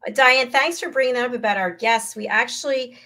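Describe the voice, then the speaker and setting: A woman's voice: fairly high pitch, brisk, bright, forceful tone. A woman hosting a casual talk show, friendly and steering the conversation with questions.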